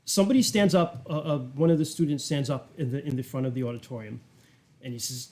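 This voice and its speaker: A man's voice: mid-range voice, fast talker, a little mellow. A man narrating as game master in a tabletop role-playing game, casual with lots of fillers. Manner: casual, rambling, many fillers.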